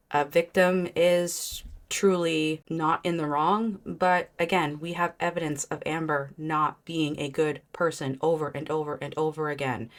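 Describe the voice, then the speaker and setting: A woman with a deep, low voice breaks in with reaction commentary on a video. Her tone is sarcastic and scornful, and she flatly dismisses what she hears. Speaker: reaction streamer.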